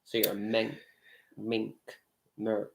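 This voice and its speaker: A man co-hosting a live stream in casual chat, playful and quick with comedy quotes and one-liners. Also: fairly low pitch, completely flat delivery, gravelly, low-quality recording.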